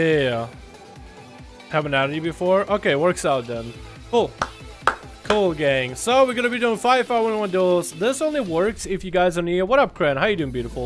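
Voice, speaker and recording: A man streaming a game, chatting casually with viewers, greeting them by name, teasing and swearing. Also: high voice. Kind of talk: casual livestream chat.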